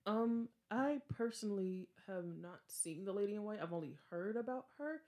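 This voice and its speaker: A woman's voice: medium pitch, normal speed. A young woman hosting a podcast, casually telling a ghost story and acting out the other people's lines. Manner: animated, acts out quotes with laughs. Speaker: podcast host.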